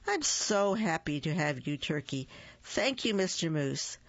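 A storybook reader voicing a soft, sighing female moose wife who longs for a real holiday dinner. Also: medium pitch, sing-song, unhurried, no echo, dull audio, full character voice. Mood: gentle.

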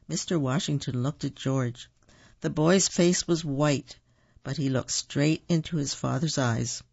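A man's voice: fairly high pitch, unhurried, creaky, darkish tone, slightly rough, no echo, muffled recording. A man reading children's stories and folk tales aloud, in an unpolished way, stopping to correct his own slips. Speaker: storyteller.

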